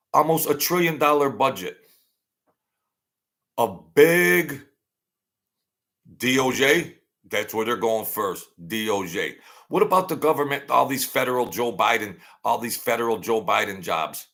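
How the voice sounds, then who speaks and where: A man's voice: mid-range voice, bright, forceful tone. A man hosting his own channel, delivering an emphatic, repetitive political rant and mocking his opponents in a put-on whine. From Italian-American family. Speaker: political commentary host.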